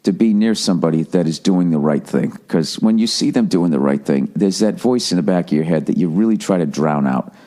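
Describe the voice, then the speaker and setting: A middle-aged American man with a fairly low voice, ranting on a podcast. He swears freely, stumbles and restarts sentences, and keeps a loose comedic flow. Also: lively intonation, brisk, few pauses, dark tone. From United States. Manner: profane, ranting, with frequent restarts. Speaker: podcast host.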